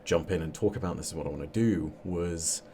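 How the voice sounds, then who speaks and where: Deep mellow guy on a podcast, reflective, lots of "you know", dark warm tone. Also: a little hiss or hum. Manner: reflective, many fillers, measured storytelling. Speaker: guest lore storyteller. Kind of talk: casual podcast interview.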